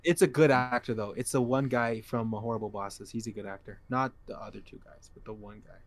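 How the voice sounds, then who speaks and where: A man's voice: lowish voice, fairly even intonation, fairly quick. A young man co-hosting a podcast, rambling in loose slangy casual chat. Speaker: podcast co-host.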